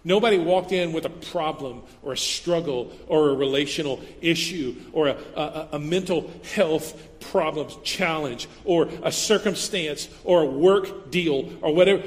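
A male pastor delivers a sermon in a relaxed, conversational style, now and then slipping into quick acted-out voices. His voice sits notably high for a man. It rings out with the long reverb of a large hall. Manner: conversational, animated, acts out little quoted voices.

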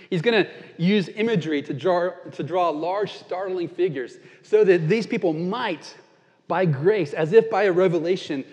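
A man's voice: on the high side, darkish tone. Earnest male preacher in a reverberant hall. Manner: storytelling, earnest and conversational. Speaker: pastor. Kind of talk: sermon.

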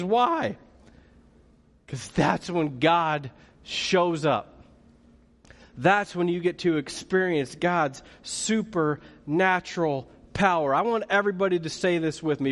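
A man preaching a sermon in an animated way, swinging between loud pleading and hushed, intimate lines. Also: high voice, slow pace. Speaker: pastor. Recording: long reverb of a large hall.

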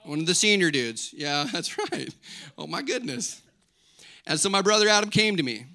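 A middle-aged male pastor preaching with lively, conversational energy, often turning to the congregation with questions. His voice sits high and rings very bright. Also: normal speed. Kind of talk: sermon.

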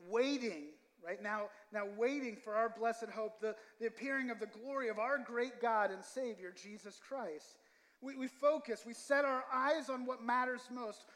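High-voiced preacher in a reverberant hall. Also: male voice, fairly bright tone. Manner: conversational, repeats words, asks the room "right?". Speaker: pastor. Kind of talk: sermon. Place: church sanctuary.

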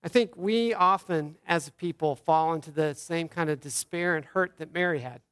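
A pastor's Easter sermon delivered by a man in his thirties with a notably high-pitched voice. He tells the story earnestly, slowing to voice quoted words softly. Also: clean tone.

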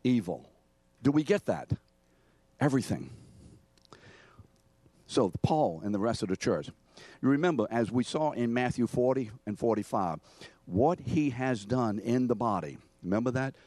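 A man's voice: medium pitch, moderate pace, long pauses, dry recording. Older man preaching, quizzing his congregation. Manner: animated, calls out questions and demands answers. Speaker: preacher and Bible teacher. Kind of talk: interactive sermon, quizzing the congregation.

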